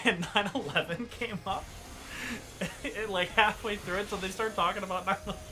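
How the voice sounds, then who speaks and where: A man's voice: high voice, steady tone, moderate pace. A man co-hosting a casual gaming chat show, joking and laughing as he rambles. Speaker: podcast co-host. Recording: music playing behind.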